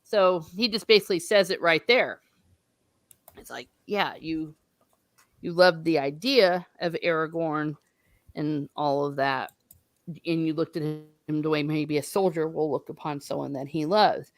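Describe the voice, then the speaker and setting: A woman's voice: low-pitched, measured pace, no echo. A woman hosting a casual book discussion livestream, enthusiastic and rambling, who breaks into reading passages aloud.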